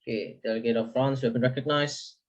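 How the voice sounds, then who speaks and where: Male committee chair, mid pitch, halting and filler-heavy, dull online-call sound. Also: fairly even intonation. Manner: hesitant, many fillers and okays. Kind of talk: chairing a model UN session.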